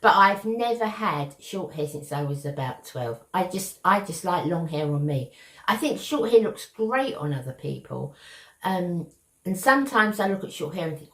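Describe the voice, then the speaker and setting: A woman's voice: lowish voice, lively intonation, moderate pace, roomy sound. An older woman with a Cockney accent from London's East End, chatting affectionately to her viewers in a beauty vlog. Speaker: beauty vlogger. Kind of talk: casual chat to camera.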